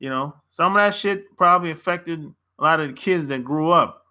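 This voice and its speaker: Man, American, blunt casual rant, laughs a lot, bright sharp tone. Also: on the high side, normal speed. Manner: blunt, animated, laughs often. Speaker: relationship coach vlogger. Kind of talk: casual opinion rant to camera.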